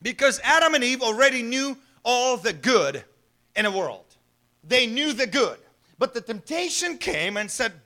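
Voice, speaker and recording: A male pastor preaching with a strikingly high, bright voice. He keeps it conversational, tossing rhetorical questions to the congregation and chuckling along the way. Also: big pitch swings, unhurried. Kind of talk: sermon.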